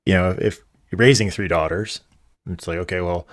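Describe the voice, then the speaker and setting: Low-voiced man, relaxed podcast host. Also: moderate pace. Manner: relaxed, hedging with "kinda" and "you know". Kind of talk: casual conversational.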